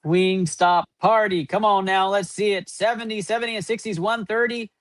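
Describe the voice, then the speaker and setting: A man's voice: high voice, fairly even intonation, moderate pace, a bit bright, dry recording. A man hosting a live card-opening stream, rattling off running point totals and hyping up each pull. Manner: running tally of numbers, upbeat hype. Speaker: host.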